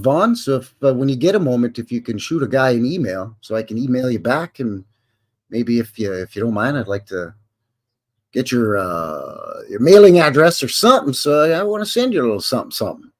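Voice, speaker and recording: Older Canadian man, mid-pitched and animated, folksy rambling live-stream host. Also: a little fast. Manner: rambling, folksy and jokey, with slangy asides. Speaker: livestream host. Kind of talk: casual live chat.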